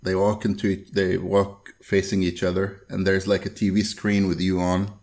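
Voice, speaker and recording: This is a male podcast host with a very deep, gravelly voice. He asks earnest fan questions and fills his pauses with "uh" and "like". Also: completely flat delivery, a little mellow. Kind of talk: casual interview questions.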